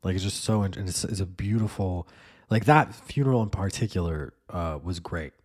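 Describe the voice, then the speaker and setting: A man's voice: sits low, normal speed, darkish tone. A man hosting a podcast, rambling through a casual monologue with lots of fillers and swearing. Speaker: podcast host.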